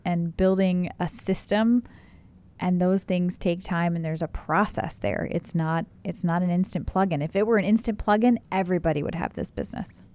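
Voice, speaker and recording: A woman co-hosting a podcast with her husband, a self-described fast talker in casual chat. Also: lowish voice, mellow. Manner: fast-talking, laughs often. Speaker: podcast co-host.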